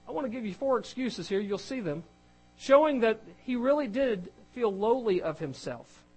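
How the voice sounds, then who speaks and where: High-voiced man preaching a sermon. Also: rough recording. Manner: earnest, acts out quoted voices, varies loudness.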